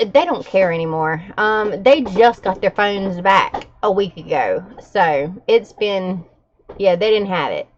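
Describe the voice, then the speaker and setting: A woman's voice: medium pitch, dull audio, a little hiss or hum. Chatty woman vlogging. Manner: chatty and candid, frequent laughs and fillers. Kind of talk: casual chat to camera.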